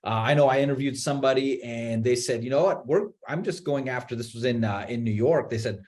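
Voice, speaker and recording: A man on a video call webinar, explaining real estate marketing in an animated way, with many restarts and repeated words. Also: mid-range voice, fairly quick. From Utah. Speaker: marketing executive guest.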